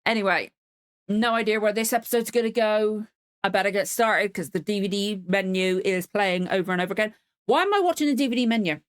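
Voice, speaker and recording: Rambling woman chatting to camera. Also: medium pitch. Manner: rambling, swears often, chatty asides. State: in pain and cold. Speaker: reaction channel host. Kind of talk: casual chat to camera.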